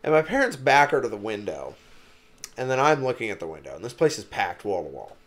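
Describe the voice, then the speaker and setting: A young man co-hosting a podcast, telling a story in casual chat, animated and profane, acting out what people said. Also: lowish voice, brisk. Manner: animated storyteller who acts out quotes, swears freely. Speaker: podcast co-host.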